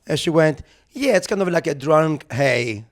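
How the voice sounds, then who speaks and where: Young guy on a podcast, kinda high voice, acts out every line of his story, swears a lot. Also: moderate pace. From Europe. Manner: animated storyteller who acts out quotes, swears. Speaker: podcast co-host. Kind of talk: casual chat, anecdote.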